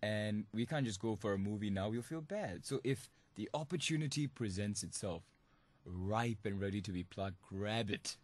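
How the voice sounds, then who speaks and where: A man's voice: fairly low pitch, lively intonation, normal speed, darkish tone. A young man from Singapore hosting a student radio podcast, talking in a playful, mischievous way and laughing often. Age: young adult. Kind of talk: comic monologue podcast.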